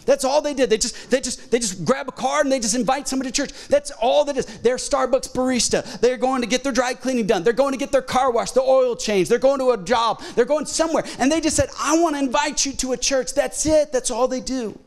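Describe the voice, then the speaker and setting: A middle-aged man preaching a sermon as pastor in a church auditorium, talking in an animated way and jumping into quoted voices. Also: very high voice, brisk, few pauses.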